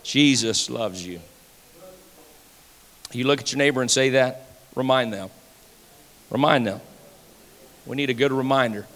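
A man's voice: mid-range voice, normal speed, long pauses, a bit bright. A pastor in his forties preaching a sermon with passion, repeating phrases for emphasis. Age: 40s. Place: church sanctuary. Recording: long hall reverb.

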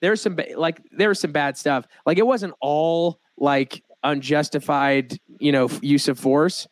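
A young American man hosts a casual podcast in a slightly high voice, joking and laughing as he goes. The sound is dry and close to the mic. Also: fairly even intonation, unhurried, no room sound. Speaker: podcast host.

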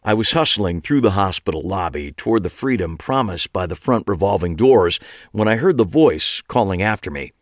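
Low-voiced, expressive male audiobook narrator. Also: moderate pace, no echo, clean studio sound. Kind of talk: scripted first-person audiobook narration.

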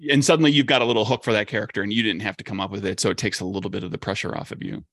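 A man's voice: fairly low pitch, steady tone, racing, a bit bright, dry recording, studio quality. A man, a game designer, talking casually and rambling with lots of "like" and restarts. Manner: rambling, heavy use of "like" and restarts. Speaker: game designer on a discussion panel. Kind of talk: casual discussion.

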